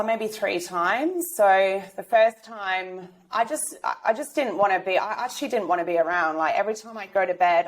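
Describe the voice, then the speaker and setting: A woman speaks openly as a podcast guest. Her voice sits a little low, and she talks in a loose, rambling way, full of restarts and fillers. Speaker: guest sharing lived experience. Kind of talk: candid podcast interview.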